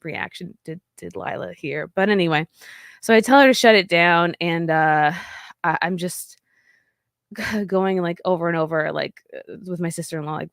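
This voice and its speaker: A woman comedian telling fans a personal story, halting and emotional, choked up and near tears, swearing and restarting as she goes. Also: lowish voice, fairly even intonation, creaky, no room sound, clean studio sound.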